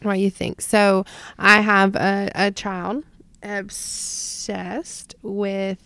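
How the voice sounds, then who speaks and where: A woman's voice: mid-range voice, extremely slow, clean tone, dry recording. A young woman, a preschool teacher, chatting on a podcast and telling funny classroom stories with lots of laughter. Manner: animated storyteller, laughs often. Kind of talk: casual chat.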